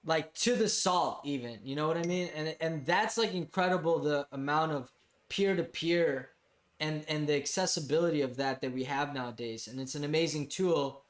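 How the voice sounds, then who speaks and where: A man's voice: fairly high pitch, normal speed, reverberant. A man co-hosting a casual chat, speaking loosely with many fillers. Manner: loose, filler-heavy, agreeable.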